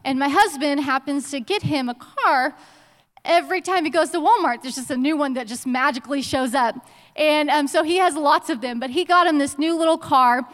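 A woman's voice: high-pitched, normal speed, a bit bright, long reverb tail. A young woman giving a casual, conversational sermon in a church, telling stories with chatty slang asides. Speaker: church speaker. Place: church sanctuary.

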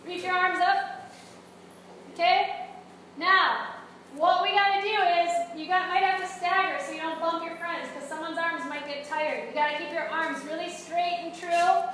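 High voiced bright lady leading a breathing class, encouraging, lots of echo, sounds far off. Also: fairly even intonation, normal speed, crowd noise. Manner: encouraging, instructive, asks the group questions. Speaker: yoga and breathing instructor. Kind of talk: guiding a group breathing class. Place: large echoey room with a group of young hockey players. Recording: echoey room, distant mic.

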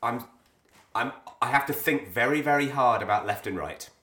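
A man's voice: medium pitch, moderate pace, echoey room, over a noisy crowd. A man hosting a casual podcast chat, rambling and self-interrupting with dry jokes. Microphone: headphones on, studio mic.

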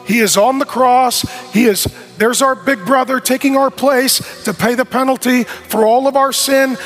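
A middle-aged male pastor giving a sermon, preaching emphatically in repeated rhythmic phrases, rising to shouts and dropping to soft, intimate tones. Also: extremely high pitch. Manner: rises to shouts at peaks, drops soft and intimate.

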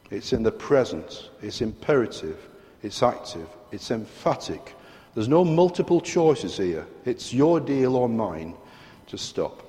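A British man delivers a sermon in a large church hall, his mid-range voice mellow and sing-song at a measured pace. He's emphatic and keeps throwing rhetorical questions at the congregation, and a long hall reverb trails every line.

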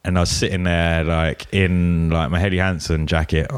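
A young man tells a rambling story in a relaxed, unhurried way, full of swearing and "like". His voice sits very low. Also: clean tone. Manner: laid-back, swears freely, heavy use of "like". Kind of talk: casual storytelling chat.

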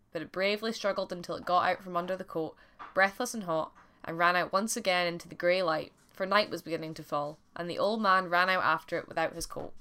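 A woman narrating a folk tale for a podcast in a clear, expressive storytelling voice. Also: lowish voice.

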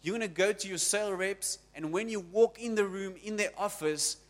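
A man's voice: high-pitched, normal speed, long reverb tail, close to an everyday voice. A man voicing an older company founder who phones to give firm, direct instructions. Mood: commanding.

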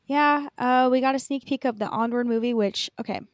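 A woman's voice: on the high side, a little fast, dry recording, clean studio sound. A young woman co-hosting a podcast in casual chat, rambling with lots of fillers and casual swearing. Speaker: podcast co-host.

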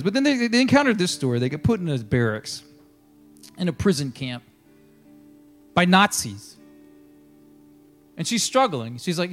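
A man preaches in a church, his voice sitting a little high and swinging widely as he tells a story and reads passages aloud. Soft music runs faintly underneath. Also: very animated, a little fast, pauses often. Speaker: pastor. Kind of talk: sermon.

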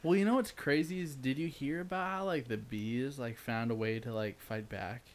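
A laid-back man in casual conversation with friends. He rambles, leans on fillers and laughs often as he tells a story. His voice sits at an ordinary male pitch. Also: fairly even intonation, moderate pace. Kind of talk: casual chat among friends.

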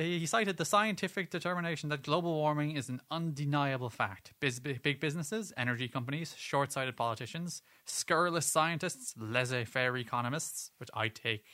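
A man's voice: fairly high pitch, a little fast, bright, forceful tone. A man co-hosting a casual chat show, joking and laughing as he reads out news items. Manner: jokey, laughs often, reads news aloud. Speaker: podcast co-host.

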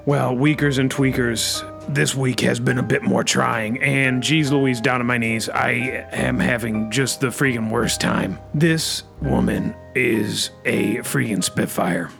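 A man's voice: mid-range voice, creaky, a bit bright. A man hosting a comedy podcast, bellowing catchphrases and stuffing "freaking" into every phrase. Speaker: podcast host. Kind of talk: comic rant in character.

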